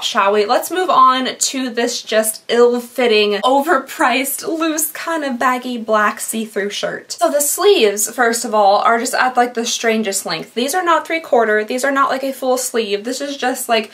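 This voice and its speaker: A woman's voice: sits high, fairly bright tone. A young woman vlogging a clothing try-on, ranting dramatically with sarcastic asides and sounding exasperated. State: out of breath. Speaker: fashion vlogger. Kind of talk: exasperated try-on haul vlog.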